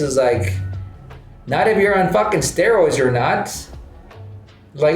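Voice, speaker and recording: A man's voice: a little high, animated, a little slow, pauses often. A man ranting casually, swearing constantly and tossing "bro" and "dude" into almost every line. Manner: profane, repetitive, fills lines with "bro" and "dude". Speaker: host. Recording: roomy echo with faint music.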